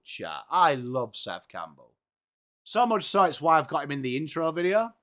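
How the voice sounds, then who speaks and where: A man hosting a live football watchalong, reacting excitedly and chatting with viewers by name. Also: on the high side, moderate pace. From England. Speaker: live-stream watchalong host. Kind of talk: live sports reaction and chat.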